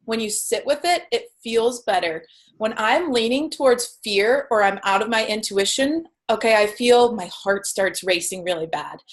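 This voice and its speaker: A woman's voice: medium pitch, rough recording. A woman, a guest speaking earnestly and openly about her spiritual path on a video call. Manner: earnest, spiritual, acts out inner voices. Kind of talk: heartfelt interview talk.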